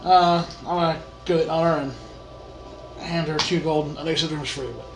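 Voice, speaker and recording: A man's voice: on the high side, steady tone, moderate pace. A man playing a tabletop game, speaking in a matter-of-fact, dry way. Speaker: player. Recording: echoey room with faint music.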